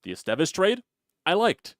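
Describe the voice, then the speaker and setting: A man's voice: sits high, wildly swooping pitch, normal speed, no room sound, studio quality. A man hosting a sports channel, ranting in an exasperated, repetitive way and mocking others in a put-on voice. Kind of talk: ranting sports reaction monologue.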